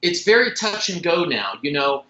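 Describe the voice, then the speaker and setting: A man, a dentist and implant educator, talking in a podcast interview as an animated, fast-talking storyteller who often restarts his sentences. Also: fairly high pitch, reverberant, dull audio.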